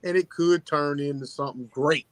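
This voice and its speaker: A tired man on a podcast talks in a low-key monotone, his voice sitting a bit higher than most men's. The sound is close and dry, with no room around it. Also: moderate pace, no room sound. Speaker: podcast co-host. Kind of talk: casual chat.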